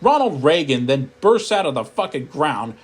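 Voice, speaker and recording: A man narrating a comedic horror story in a profane, deadpan storytelling manner. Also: fairly high pitch, normal speed, husky.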